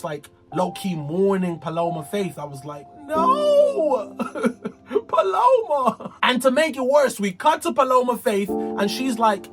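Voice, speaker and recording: High, lively man recapping a show. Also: creaky. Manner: slangy, playful, dramatic exclamations. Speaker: reality TV recap host. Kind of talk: casual show recap commentary.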